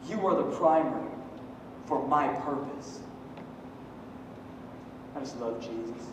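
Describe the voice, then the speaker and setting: A man in his thirties preaching a sermon, swinging from loud, emphatic peaks down to quiet joking asides. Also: medium pitch, animated, slow, background noise. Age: 30s. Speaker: pastor. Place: church hall. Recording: echoey hall from far off.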